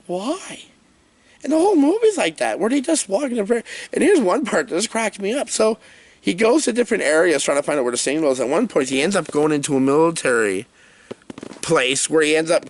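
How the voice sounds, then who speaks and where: A man giving a comedic, rambling movie review rant in an animated, jokey way. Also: on the high side, quick pace, no room sound.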